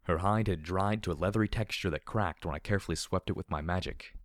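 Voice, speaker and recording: A man narrating an audiobook of dark fan fiction in a steady, measured storytelling voice. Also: low-pitched, no echo.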